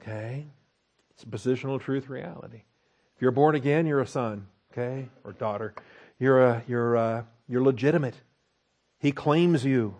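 A man's voice: mid-range voice, normal speed, darkish tone, lo-fi sound. Conversational male Bible teacher. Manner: conversational, repeats "okay?" to check listeners.

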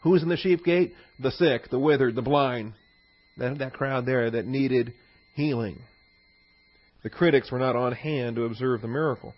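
A middle-aged pastor teaching a sermon in a conversational, digressive way, with anecdotes and chuckles. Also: male voice, mid-range voice, moderate pace. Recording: slightly dull lo-fi sermon recording.

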